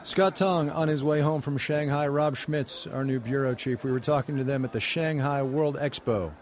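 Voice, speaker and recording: A man hosting a radio news interview, asking brisk conversational questions of two reporters on location. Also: medium pitch, slight background noise. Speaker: news host.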